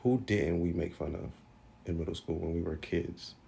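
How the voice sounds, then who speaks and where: A man's voice: deep voice, fairly even intonation, normal speed, vocal fry, warm tone, slight background noise. A young man in a blunt, exasperated casual rant, swearing freely. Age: young adult. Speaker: commentator. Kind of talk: casual social media rant.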